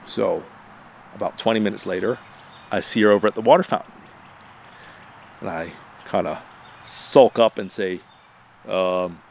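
A man hosting a casual radio show, telling a funny personal story in a lively, self-deprecating way. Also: normal speed, gravelly, pauses often. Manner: animated, self-deprecating, rises in pitch when excited.

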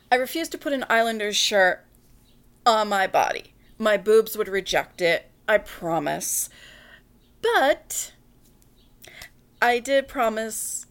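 A woman hosting a podcast in a casual monologue, brash and profane, talking quickly and joking with frequent laughs. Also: mid-range voice, fairly bright tone. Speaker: podcast host.

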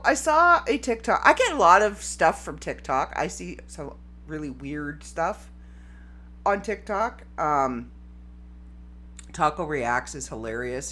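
Woman solo podcaster, rambling and giggly, lively swinging pitch, casual chat. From Canada. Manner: rambling and giggly, breaks into fits of laughter. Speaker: podcast host.

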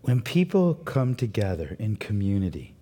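A man preaching as pastor, delivering an animated sermon that builds to emphatic peaks. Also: fairly low pitch, moderate pace, background noise. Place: church.

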